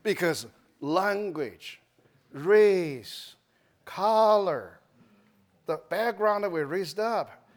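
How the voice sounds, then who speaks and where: A man's voice: high-pitched, lively intonation, very slow, pauses often. A middle-aged man from China with a Chinese accent, giving a testimony sermon in broken English with many restarts. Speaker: church speaker.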